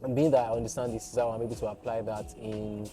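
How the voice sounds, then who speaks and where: A man's voice: fairly low pitch, little pitch movement, quick pace, mellow. Playful Nigerian man with music behind. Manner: laughing, playful, self-deprecating. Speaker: guest content creator and voiceover artist. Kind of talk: casual interview chat.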